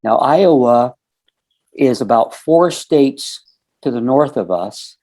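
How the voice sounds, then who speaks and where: A man's voice: mid-range voice, lively intonation, takes it slowly, warm tone. A middle-aged man telling a story earnestly on a podcast, recounting conversations step by step and filling with "you know" and "um". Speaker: podcast guest. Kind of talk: casual storytelling.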